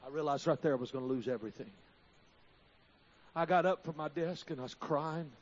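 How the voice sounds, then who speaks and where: A man in his fifties preaching a sermon at a church service, telling stories and building up to shouted climaxes. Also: fairly high pitch, brisk. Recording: dull lo-fi recording.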